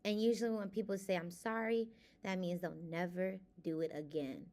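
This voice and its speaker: A woman's voice: medium pitch, steady tone, moderate pace, a little mellow. A young adult woman, reading from a self-help book and then venting candidly to camera in a casual confessional vlog. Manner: emotional, candid, shifts between reading aloud and venting.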